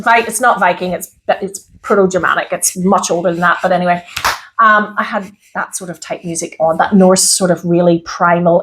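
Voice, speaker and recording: A woman's voice: medium pitch, fairly bright tone, slight background noise. An Irish woman in casual chat, rambling and laughing often, acting out her own past lines. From Ireland. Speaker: podcast co-host.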